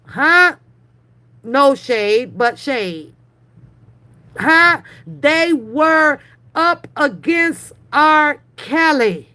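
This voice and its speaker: A woman hosting a livestream, giving mocking reaction commentary in profane slang, teasing with drawn-out repeats and frequent laughter. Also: high voice, sharp tone. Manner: profane, slangy street talk. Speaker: livestream host.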